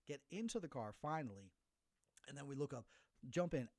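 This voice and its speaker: A man's voice: mid-range voice, normal speed, dry recording. A middle-aged man hosting a solo podcast, telling a story with animation and acting out the voices of the people in it. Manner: animated storyteller who acts out the voices of others. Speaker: podcast host.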